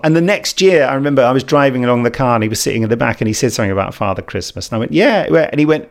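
A man's voice: mid-range voice, animated, quick pace. A middle-aged man with a wry, self-deprecating way of telling stories in casual chat.

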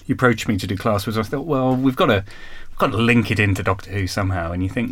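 A man's voice: lowish voice, fast talker, a bit bright. A man chatting casually over a video call, hesitant, with many fillers and restarts. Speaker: guest producer.

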